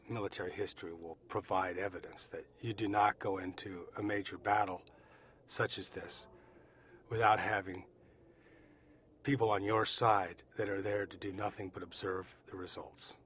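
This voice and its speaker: Low-voiced American man giving testimony. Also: a bit bright, slight background noise. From United States. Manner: deliberate, repeats phrases for emphasis. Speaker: eyewitness survivor. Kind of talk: personal testimony.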